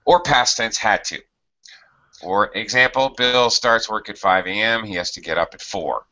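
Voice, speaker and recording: Man, English teacher, slow patient explaining, bright tone, dull lo-fi audio. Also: lowish voice. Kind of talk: online grammar lesson.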